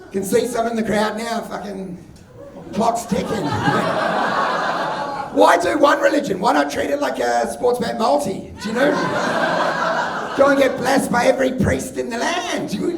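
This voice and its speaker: A man doing a stand-up set, telling brash, shouty, crude jokes. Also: very high voice, gravelly, recorded from a distance, heavy background noise. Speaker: stand-up comedian. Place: comedy club stage with live audience. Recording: echoey club, mic off, loud crowd.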